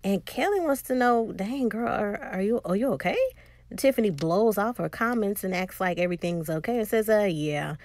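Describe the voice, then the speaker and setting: A woman with a medium-pitched, brisk voice casually recaps a TV episode scene by scene, animatedly acting out the characters' lines as she quotes them. There's no echo.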